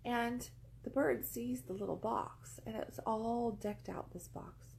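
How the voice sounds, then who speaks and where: A woman talks to camera in a loose, rambling storytelling style, circling back and repeating words for weight. Her voice carries a gravelly fry, and a faint hiss sits underneath. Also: fairly high pitch, slow, a little mellow, rough recording. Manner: rambling, repeats phrases for emphasis. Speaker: vlogger. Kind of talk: casual storytelling monologue. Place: indoors among pillows.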